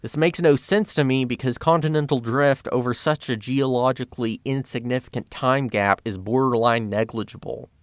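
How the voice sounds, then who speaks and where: A man's voice: medium pitch, moderate pace, few pauses, no room sound. A man narrating a scripted video essay as a film critic, with dry, sarcastic commentary.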